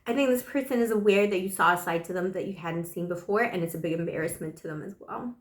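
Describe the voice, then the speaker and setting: A woman reads tarot cards in a loose, casual monologue and showers the listener with pet names. Her voice is hoarse, and a dry cough from the flu still hangs on. The room around her sounds echoey. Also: fairly low pitch, fast talker. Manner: affectionate, chatty, full of pet names. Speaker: tarot reader.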